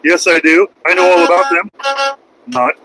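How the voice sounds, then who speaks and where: A man's voice: high-pitched, steady tone, normal speed, over music, poor audio. A middle-aged man, a trucker, chatting on a casual live stream from his cab, rambling and joking at his own expense. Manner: rambling, joking, self-mocking. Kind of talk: casual live-stream chat while driving.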